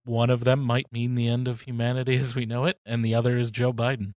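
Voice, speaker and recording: A man co-hosting a political podcast, talking in a deliberate, dry way with wry jokes. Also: medium pitch, flat delivery, darkish tone, no echo. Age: older than co-host. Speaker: podcast co-host. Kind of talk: casual political chat.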